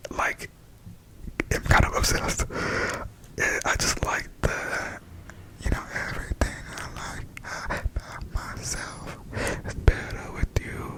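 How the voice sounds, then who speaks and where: A man softly speaking and whispering in a chatty ASMR review, full of fillers, close to the mic. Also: takes it slowly, poor audio. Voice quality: whispery, breathy.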